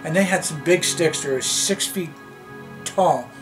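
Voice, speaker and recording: A man's voice: on the high side, poor audio. Rambling Canadian guy telling a story. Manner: rambling, halting, with many restarts. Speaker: vlogger. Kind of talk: casual storytelling vlog. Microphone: camera mic. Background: background music.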